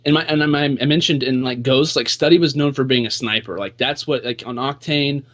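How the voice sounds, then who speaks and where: A man's voice: medium pitch, a little fast, a bit bright. A young man on a casual gaming podcast, talking eagerly and hedging with "like". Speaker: podcast panelist.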